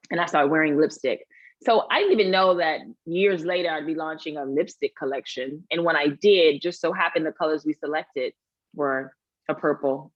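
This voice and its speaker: A woman's voice: low-pitched, no room sound, lo-fi sound. A woman guest, an actor and author, chatting in an interview and acting out quoted voices as she tells stories. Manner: animated storyteller, acts out quoted voices. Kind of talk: casual interview chat.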